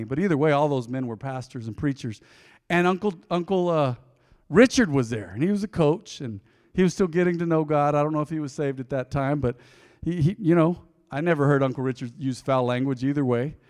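Middle-aged pastor guy preaching, folksy storyteller, highish voice, long church reverb. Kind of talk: sermon. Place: church sanctuary.

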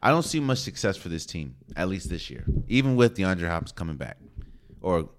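A man's voice: low voice, big pitch swings, normal speed. A young man hosting a solo sports podcast, talking in a casual, slangy, opinionated way. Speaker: podcast host.

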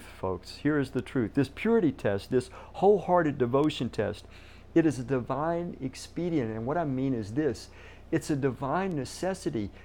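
Middle-aged male pastor, mellow tone, emphatic sermon delivery. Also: mid-range voice. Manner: emphatic, repeats key words for stress.

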